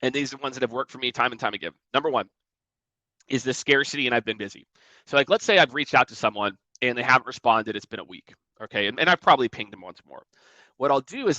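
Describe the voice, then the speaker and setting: A man giving energetic sales coaching in a conversational way, often acting out emails and calls in mocking voices. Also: mid-range voice, no echo, muffled recording. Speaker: sales trainer.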